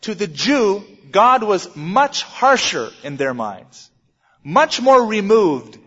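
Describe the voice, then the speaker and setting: A man preaching a sermon in an emphatic style with dramatic pauses. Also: slightly rough. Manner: emphatic, dramatic pauses, lively swings in pitch. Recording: dull sound with long hall reverb.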